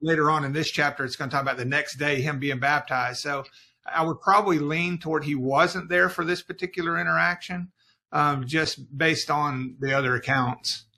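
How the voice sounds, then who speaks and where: A man's voice: a little high, steady tone, moderate pace, vocal fry, bright, forceful tone. A man who is a guest on a Bible study podcast, explaining passages in an earnest way.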